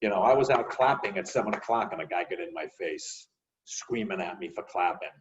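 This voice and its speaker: New man, animated storyteller, distant, muffled remote audio. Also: on the low side, fairly quick, noisy background. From New York. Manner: animated, acts out voices in his stories. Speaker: guest. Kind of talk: casual storytelling in conversation.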